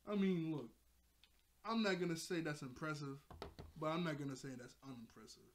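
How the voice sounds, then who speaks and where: An anime reviewer casually recaps an episode, rambling, laughing often and correcting himself mid-sentence. His fairly high voice is brisk with lively intonation, and there's slight background noise.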